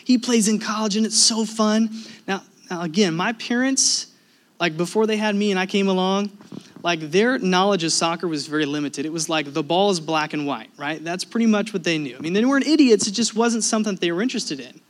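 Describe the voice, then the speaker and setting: A man preaching a sermon as a pastor, telling personal stories in an animated way, swinging between loud emphasis and hushed asides. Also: high-pitched, fairly quick.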